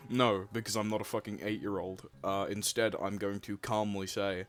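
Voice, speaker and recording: A man's voice: on the low side, steady tone, normal speed, few pauses. A young man hosting a reaction video, blunt and sarcastic, swearing often. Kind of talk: reaction commentary.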